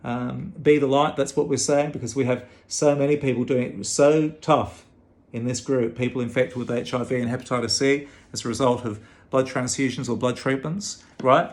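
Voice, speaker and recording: A man's voice: medium pitch, fairly even intonation, moderate pace. A man with a British-sounding Australian accent, talking casually to camera in an exasperated, emphatic way with frequent restarts. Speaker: vlogger and advocate for infected blood victims.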